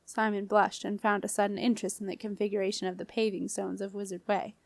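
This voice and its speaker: A woman reading an audiobook aloud in a measured storytelling way. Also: medium pitch, flat delivery, creaky, dry recording. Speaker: audiobook reader. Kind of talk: scripted audiobook narration.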